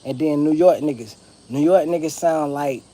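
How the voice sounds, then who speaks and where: With a fairly high, warm voice at normal speed, a Southern-accented vlogger from Broward County, Florida, chats to camera. The monologue is rambling, profane and easygoing.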